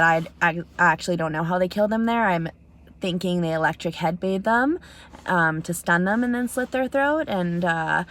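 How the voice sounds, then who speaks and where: Young Canadian woman, slightly low voice, earnest casual vlogger retelling a chat with plenty of ums. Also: fairly bright tone. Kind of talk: casual vlog storytelling. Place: outdoors in snow.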